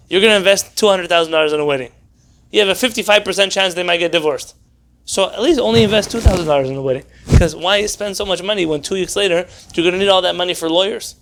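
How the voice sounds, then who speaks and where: High-voiced rabbi, wry and animated. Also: male voice. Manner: animated, full of rhetorical questions; wry, sarcastic humor. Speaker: rabbi teaching a class. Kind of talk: informal Torah class.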